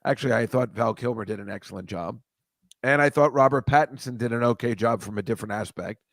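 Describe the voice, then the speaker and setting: A man's voice: medium pitch, fast talker, creaky, a bit bright, dry recording, clean studio sound. A man hosting a casual comedy chat show, rambling and self-deprecating, stammering and restarting as he goes. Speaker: host.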